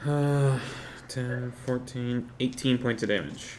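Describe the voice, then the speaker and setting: A man's voice: medium pitch, takes it slowly, a little mellow, a little hiss or hum. A man playing a tabletop game, describing his moves casually and a bit apologetically. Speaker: player.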